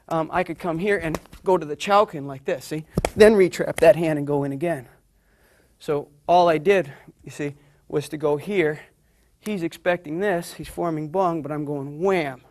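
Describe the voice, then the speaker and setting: A man with a slightly raised speaking pitch walks his students through a martial arts drill. He talks casually as he demonstrates, with plenty of "you know" and "see?", and keeps the explanation loose and practical. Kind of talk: demonstrating technique while explaining.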